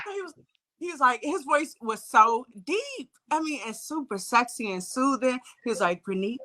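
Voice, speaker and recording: Young d.c. woman, high bright voice, swears a lot, does all the voices in her story. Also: moderate pace. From Washington, D.C. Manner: animated, acts out voices, laughs, swears freely. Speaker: singer and guest. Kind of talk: casual storytelling.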